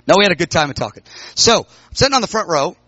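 Man, preacher, sermon storytelling, bright fairly high voice, acts out dialogue, dry slightly dull recording. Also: quick pace, no echo. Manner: animated storyteller, acting out dialogue with sudden high exclamations.

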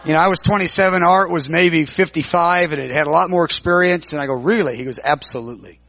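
A man preaching, telling a story with many halting restarts and repeated words. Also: fairly high pitch, a bit bright, dry recording, muffled recording. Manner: halting, repeats words while recounting dialogue. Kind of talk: sermon storytelling.

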